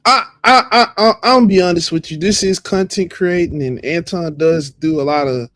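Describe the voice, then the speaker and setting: A man makes his case in a hesitant way, stammering and restarting often. His voice runs slightly high. The sound is dry. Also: a little fast, fairly bright tone, no echo. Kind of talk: live stream chat.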